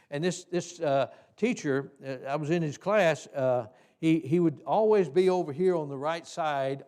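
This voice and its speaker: A man with a slightly high voice leads a teaching session in a church hall. His talk is folksy and halting, full of fillers and restarted phrases. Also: darkish tone. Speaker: Sunday school teacher trainer.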